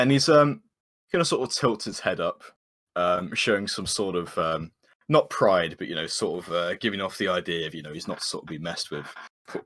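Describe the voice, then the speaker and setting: A man playing a tabletop game, describing his character's actions in a halting way. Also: low-pitched, a bit bright. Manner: halting, many fillers. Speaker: player.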